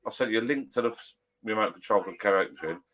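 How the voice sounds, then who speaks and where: A man's voice: lowish voice, fast talker, fairly bright tone. A man chatting casually with live viewers from his garden shed bar, rambling and correcting himself as he goes. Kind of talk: casual pub chat.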